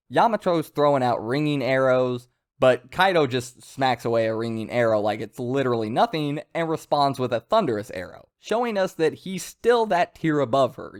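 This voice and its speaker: Chatty enthusiastic male manga reviewer. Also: on the high side. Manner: chatty, enthusiastic, many fillers and restarts. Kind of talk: casual spoken chapter review.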